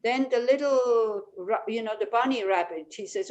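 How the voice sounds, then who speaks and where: A woman's voice: fairly high pitch, normal speed, hardly any pauses, low-quality recording. Woman teaching a meditation class online. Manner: warm storytelling, many "you know" fillers. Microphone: video call.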